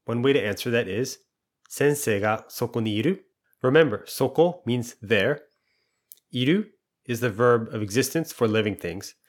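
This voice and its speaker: Expressive and mid-range in voice, at a moderate pace, a language teacher guides learners through his lesson step by step, asking quiz questions and patiently explaining the answers.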